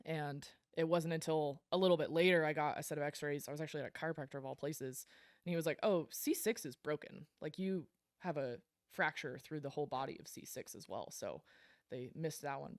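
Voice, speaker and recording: A woman's voice: low-pitched, brisk, no echo, studio quality. A woman guest on a podcast, telling her story in a blunt, frank way, swearing casually and laughing between lines. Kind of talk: candid storytelling interview.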